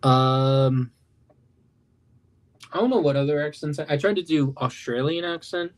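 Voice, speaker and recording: A young man in his late teens who makes animations rambles casually on a livestream, in a loose manner, often cutting himself off. His voice is a little high and he keeps a measured pace.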